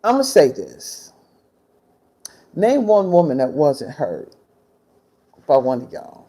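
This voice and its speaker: Animated, blunt woman ranting outdoors. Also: low-pitched, slow pace, husky. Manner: blunt, animated, swearing freely. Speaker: vlogger. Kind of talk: casual storytime rant. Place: outdoors in the sun.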